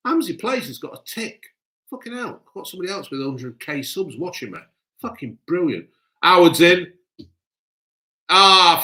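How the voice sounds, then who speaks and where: A man's voice: a little high, sharp tone. A man hosting a live stream, swearing a lot and ranting bluntly in casual chat. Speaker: livestream host.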